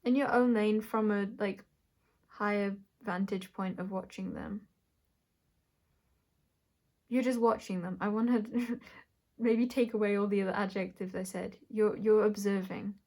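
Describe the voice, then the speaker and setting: A woman doing a pick-a-pile tarot reading, speaking in a searching way, often correcting herself and thinking aloud with soft laughs. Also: mid-range voice, steady tone, measured pace, long pauses. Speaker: tarot reader. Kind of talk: intuitive tarot reading to camera.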